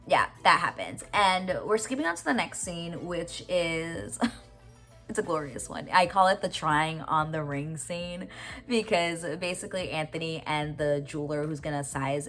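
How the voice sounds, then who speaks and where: A young woman recapping a TV episode in casual, profane, gushing chat with quick asides. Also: low voice, a bit bright. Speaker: reaction video host.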